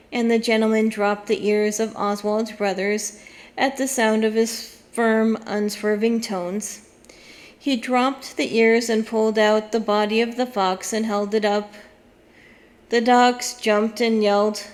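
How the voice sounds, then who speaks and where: A woman reading an old children's novel aloud, measured and deliberate. Her pace is unhurried and her voice sits a little high. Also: flat delivery. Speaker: audiobook reader. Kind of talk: scripted audiobook narration.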